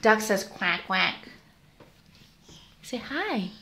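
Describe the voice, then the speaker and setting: A woman's voice: mid-range voice, big pitch swings, very slow, sharp tone, slight background noise. A mother coaxing her toddler in sing-song, exaggerated baby talk at home. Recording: roomy echo.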